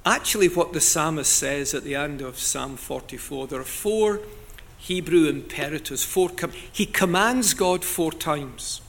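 A man preaching a sermon in an earnest, deliberate way, now and then rising to loud cries as he quotes scripture. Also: on the high side.

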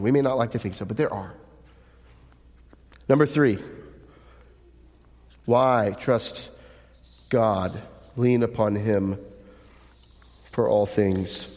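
A man's voice: on the low side, darkish tone. A male pastor preaches a sermon in an earnest way. He reads scripture aloud and poses rhetorical questions to the congregation. His voice rings out with a long hall reverb.

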